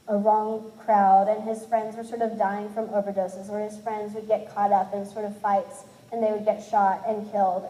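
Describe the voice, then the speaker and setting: A woman's voice: mid-range voice, warm tone, roomy sound, in a large hall, rough recording. A woman in her twenties from Cincinnati, candidly telling a personal story with self-deprecating humor and acting out what others said. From Cincinnati, USA. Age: 20s. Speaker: speaker sharing her testimony.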